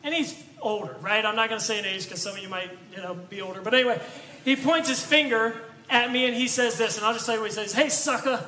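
A man's voice: high voice, steady tone, fast, bright, forceful tone. A man preaching a sermon as pastor, in a conversational, storytelling way with rhetorical questions. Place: church sanctuary. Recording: echoey church room with faint noise.

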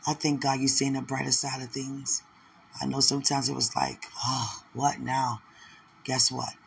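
A man giving an emotional live prophetic word of encouragement, repeating phrases and rising into excited exclamations. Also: moderate pace, vocal fry, husky. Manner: emotional, repetitive, building to excited high exclamations.

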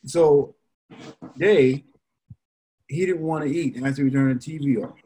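A young adult man and podcast co-host, telling parenting stories in a rambling, animated way with many fillers. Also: a little high, unhurried, breathy edge. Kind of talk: casual chat.

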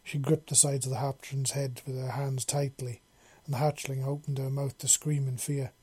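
A man narrating a story in a steady reading voice. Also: mid-range voice, moderate pace, husky.

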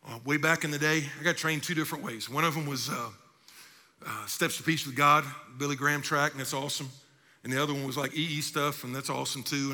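A man in his forties preaching a sermon in a church, animated and playing out little voices of his listeners. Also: on the high side, big-room sound. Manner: animated preaching with acted asides. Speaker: pastor. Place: church sanctuary.

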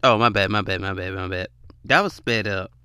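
A man giving casual reaction commentary to viewers, animated and often laughing. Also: low-pitched, brisk, clean tone, no room sound, clean studio sound, faint music behind.

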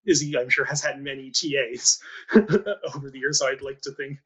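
A man hosting a casual podcast interview over a video call, chatty and quick to laugh, with lots of fillers. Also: mid-range voice, level tone, bright, forceful tone, slightly rough. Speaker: podcast host.

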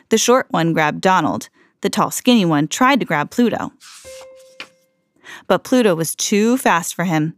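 A woman hosting a read-aloud podcast, reading a children's storybook and slowing down for the suspenseful moments. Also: on the low side, no echo, clean studio sound. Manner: slows down and swells for dramatic moments.

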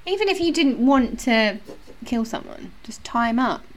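A woman's voice: a little high, big pitch swings, normal speed. A woman guest on a podcast, chatting casually in an easygoing, agreeable way and giggling readily. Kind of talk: casual chat.

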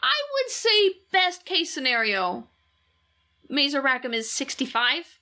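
A woman co-hosting a podcast in casual chat, chatty and animated, swearing freely. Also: sits high, measured pace. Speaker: podcast co-host.

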